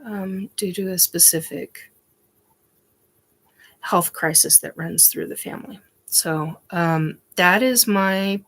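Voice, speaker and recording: A woman's voice: on the low side, slow pace, a bit bright. A woman hosting a show, telling a personal story in a rambling, emphatic way with many ums and restarts. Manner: emphatic, swears casually. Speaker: host.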